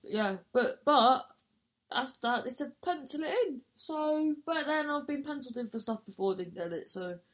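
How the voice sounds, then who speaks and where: A woman's voice: high-pitched, moderate pace. A woman, a comedian and actor, telling a rambling story with self-mocking asides and casual swearing.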